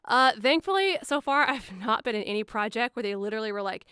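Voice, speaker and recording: A young woman voice actor chatting on a live stream, rambling casually with lots of fillers and bursting into higher voices to act out quoted lines. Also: expressive, quick pace, hardly any pauses, pushed and bright, smooth, no room sound, studio quality. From Milwaukee area. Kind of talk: casual live-stream chat answering viewers. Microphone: studio mic, a foot away.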